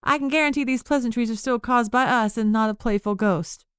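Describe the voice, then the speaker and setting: A woman's voice: a little high, a little fast, a bit bright, clear, resonant tone, no echo, clean studio sound, voice pushed up, lightly acted. A woman narrator voicing a spirited young woman with unruly powers, exasperated and determined.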